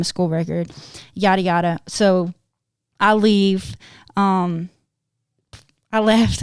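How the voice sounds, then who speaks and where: A woman in her twenties hosting a podcast, telling a personal story in a lively, animated way and laughing often. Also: lowish voice, clear, resonant tone, dry recording, studio quality. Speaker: podcast host. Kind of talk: casual storytelling chat.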